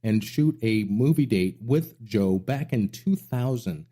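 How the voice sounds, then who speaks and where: Male radio host, middle-aged, enthusiastic, rambling, warm dark tone. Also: lowish voice, lively intonation, takes it slowly, slightly rough. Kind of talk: casual interview chat.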